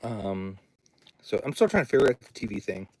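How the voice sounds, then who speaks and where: A man's voice: lowish voice, expressive, brisk, darkish tone. A man who runs a recording studio, chatting casually on a livestream, rambling and reading viewer comments aloud in his home studio.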